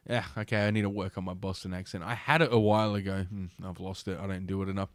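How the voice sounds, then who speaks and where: A man's voice: sits low, little pitch movement, fast talker, hardly any pauses, dry recording, studio quality. A man hosting a podcast, reading an article aloud and mocking it in crude, profane asides. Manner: crude, mocking, swears often, laughs at own jokes. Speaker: podcast host. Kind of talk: casual commentary while reading an article aloud.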